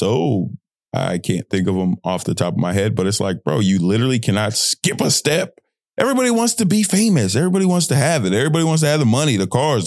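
A man's voice: mid-range voice, a little mellow, no room sound, clean studio sound. A young man hosting his podcast, talking casually and bluntly, full of slang and tough-love advice. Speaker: podcast host. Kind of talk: casual motivational monologue.

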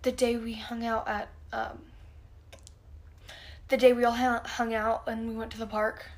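A woman's voice: fairly high pitch, level tone, measured pace. A teenage girl chatting casually as a podcast co-host, telling a story animatedly and mimicking other people's lines. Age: teens. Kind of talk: casual chat.

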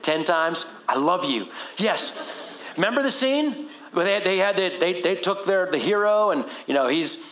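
A male pastor with a high, bright voice preaches in a lively, conversational way. He tells the story with sudden slowdowns and hushed drops for emphasis. The sound carries a noticeable room echo. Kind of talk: sermon. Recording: echoey room.

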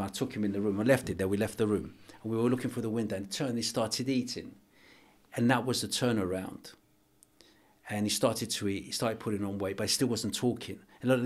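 A middle-aged man, a guest on a podcast interview, telling a personal story in an earnest, halting way with many restarts. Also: fairly low pitch. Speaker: archbishop and boxing coach, guest.

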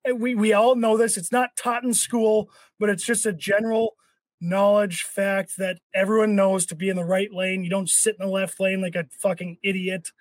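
A man's voice: high voice, little pitch movement, normal speed, no room sound. A young man hosting a casual podcast chat, ranting with lots of swearing. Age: young adult. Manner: profane, ranting. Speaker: podcast host.

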